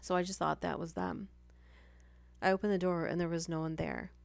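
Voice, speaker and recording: A woman's voice: lowish voice, steady tone, fairly quick, creaky, no echo. A woman hosting a live stream, reading stories aloud and breaking off for chatty asides and apologies.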